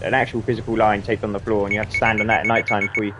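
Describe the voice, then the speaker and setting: A man's voice: on the low side, little pitch movement, racing, heavy background noise. A young man swearing freely and laughing as he tells rambling stories while gaming. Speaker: gaming channel host. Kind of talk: casual storytelling while gaming.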